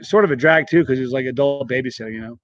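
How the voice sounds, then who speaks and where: A man's voice: mid-range voice, very fast, no echo, muffled recording. A middle-aged man hosting a casual live stream, chatting and rambling as he greets viewers by name. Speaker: channel host reading live chat.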